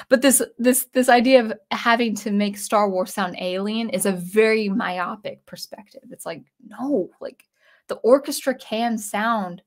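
Rambling woman composer ranting on camera. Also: mid-range voice. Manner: rambling, self-interrupting, animated. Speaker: composer and video host. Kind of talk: casual rant vlog.

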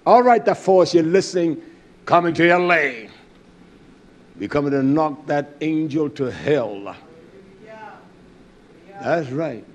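An older man preaching a sermon, swinging between loud, emphatic declarations and low, muttered asides, with blunt phrasing and rhetorical questions. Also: a little hiss or hum.

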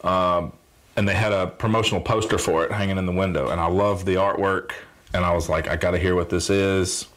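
A man's voice: deep voice, fairly even intonation, fairly quick, fairly bright tone. A man hosting a reaction video, chatting casually and explaining with fillers. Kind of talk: casual chat.

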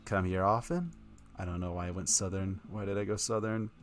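A man's voice: deep voice, level tone, quick pace, faint music behind. A man streaming live, reading a text adventure aloud in a casual tone with wry asides.

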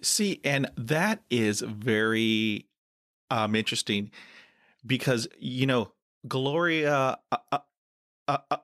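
A podcast host talks slowly in a conversational interview, stuttering with blocks and repetitions and laughing often. He's animated, and his pitch jumps when he laughs.

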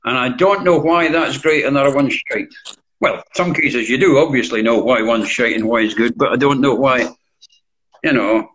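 A man's voice: mid-range voice, brisk, a bit bright, low-quality recording. An older Scottish man, a DJ guest in a casual interview, talking bluntly and swearing freely. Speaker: guest, DJ and record collector.

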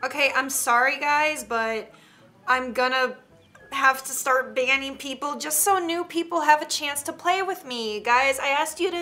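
Bright, excitable young woman gamer. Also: high voice. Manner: excitable, chatty, quick gasps and giggles. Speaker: gaming streamer. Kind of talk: casual gameplay commentary.

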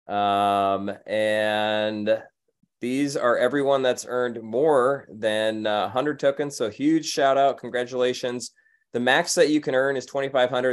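Male team host, excited and casual, video-call sound. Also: lowish voice. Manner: enthusiastic, casual, many fillers. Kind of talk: upbeat company meeting talk.

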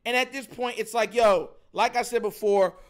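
A man hosting a sports show, ranting in animated, filler-heavy commentary about his team. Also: extremely high pitch, moderate pace, smooth. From Jamaican family.

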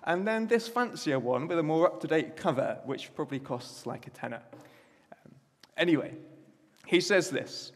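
A man preaching in a church, chatty and quick to joke at himself. His voice sits a little high for a man, and it echoes around the long reverb of the hall. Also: animated. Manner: chatty, self-deprecating asides. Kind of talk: sermon.

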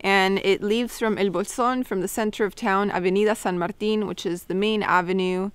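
A woman's voice: mid-range voice, steady tone, moderate pace, clear, resonant tone, no room sound. A young woman hosting a travel vlog, chatting casually and playfully as she explains her trip outdoors. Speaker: travel vlogger. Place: outdoors at a lake park.

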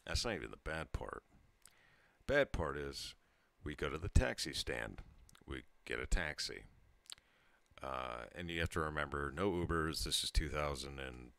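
Tipsy man, very low gravelly voice, bright edge, rambling casual storytelling. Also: expressive, unhurried, no room sound. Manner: rambling, self-interrupting, laughs mid-sentence. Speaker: channel host telling a story.

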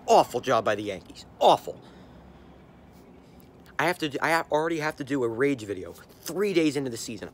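A man's voice: medium pitch, slight background noise. A young man, a sports fan vlogger, ranting angrily to a handheld camera, repeating himself and stumbling over his words. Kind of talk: angry fan rant to camera.

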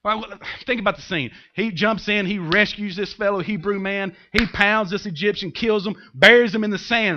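Male pastor preaching casual and funny, pretty high voice, muffled old sermon tape. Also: fairly quick, few pauses. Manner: animated, conversational preaching with humor and acted-out asides. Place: church. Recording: dull lo-fi sermon recording.

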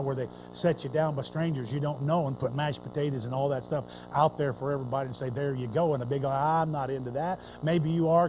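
A man preaching a folksy, animated sermon that swings between loud declaring and hushed storytelling. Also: a little high, noisy background. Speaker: pastor.

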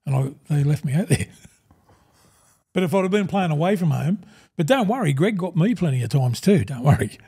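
A man's voice: fairly high pitch, lively intonation, fairly quick, mellow, slightly rough. An Australian man in his sixties, a podcast guest telling rambling, blokey stories and calling everyone "mate". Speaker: guest, former rugby league forward. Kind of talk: casual storytelling in a podcast interview.

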